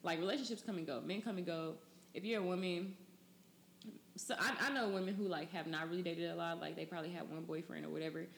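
A woman's voice: fairly low pitch, fairly even intonation, fast talker, vocal fry, a little hiss or hum. A woman in her twenties hosting a podcast, loose and chatty with lots of fillers. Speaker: podcast host. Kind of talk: casual chat.

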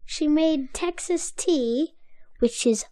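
Slow, high-voiced woman recapping casually. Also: dark tone. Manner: blunt, offhand, recounts plot in short bits. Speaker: podcast co-host. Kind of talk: casual episode recap chat.

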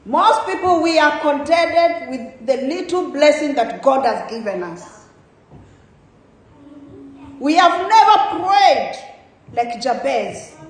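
A woman preaching a sermon in a church, asking rhetorical questions with emphatic rises and soft trailing endings. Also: sits high. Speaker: guest preacher. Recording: very echoey church hall.

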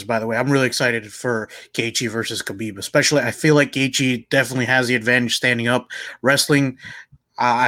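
Casting note: relaxed male host, mid-pitched, dry close sound. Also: dry recording. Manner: relaxed, chatty, asks questions. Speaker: podcast host. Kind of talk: casual podcast chat.

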